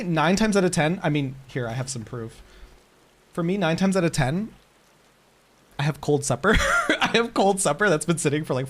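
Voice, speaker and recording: A man chatting casually on a live stream while gaming, excitable and quick to laugh. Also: on the high side.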